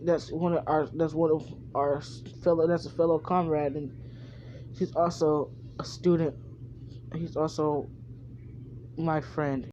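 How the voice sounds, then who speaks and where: A fan narrator voicing a young male ninja who is cold and heartbroken, speaking in a flat, withdrawn way. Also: mid-range voice, measured pace, pauses often, lo-fi sound, slight background noise, natural voice.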